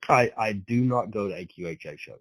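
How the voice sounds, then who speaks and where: A man's voice: lowish voice, fairly quick, dry recording, low-quality recording. A man from Britain, a horse trainer, telling rambling stories as a podcast guest, repeating words and swearing now and then. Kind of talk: casual storytelling.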